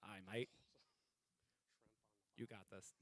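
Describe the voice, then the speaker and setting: A man's voice: fairly low pitch, level tone, slow. A man co-hosting a church live stream, joking and teasing, then reading announcements as a mock newscaster. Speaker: co-host of a church livestream. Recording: long hall reverb.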